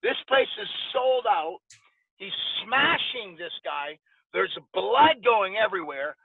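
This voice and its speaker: A man in his forties, a podcast guest, casually telling lively stories and acting out the dialogue. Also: high-pitched, slow, husky, no echo. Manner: animated anecdote-telling with quoted dialogue. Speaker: podcast guest, former boxer. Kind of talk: casual storytelling interview. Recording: dry, tinny phone-like sound.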